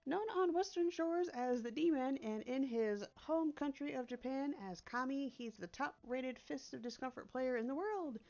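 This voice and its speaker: A woman voicing a chipper, eager AI assistant that lives in a phone, talking quickly and brightly in a game read-through. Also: high-pitched, lo-fi sound, voice pushed up.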